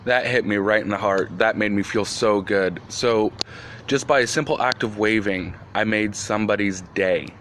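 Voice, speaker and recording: A man's voice: on the low side, moderate pace, noisy background. A man telling a casual storytime about a neighbor, sincere and heartfelt. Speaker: storyteller recounting meeting a neighbor. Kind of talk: casual storytime to phone camera.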